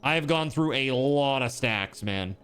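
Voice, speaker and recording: A man's voice: medium pitch, expressive, unhurried, fairly bright tone, clean tone, soft background music. A man streaming a building game, chatting casually and answering his chat aloud.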